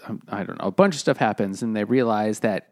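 A man's voice: fairly low pitch, quick pace. A man co-hosting a book podcast, summarizing the plot in a rambling way with lots of fillers. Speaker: podcast co-host. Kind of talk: casual book-club chat.

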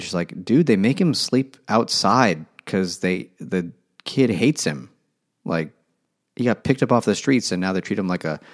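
A man's voice: lowish voice, gravelly. A man in casual book talk, rambling and sarcastic, mocking characters as he goes. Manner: rambling, sarcastic, mocks characters in silly voices.

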